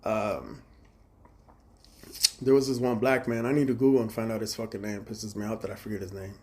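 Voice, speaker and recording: A man in his forties on a live stream, telling rambling, profane stories with reenacted quarrels and sometimes trailing off into low mutters. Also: fairly even intonation, a little fast, darkish tone, a little hiss or hum. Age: 40s. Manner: profane, agitated storytelling with reenacted dialogue. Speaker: livestreamer.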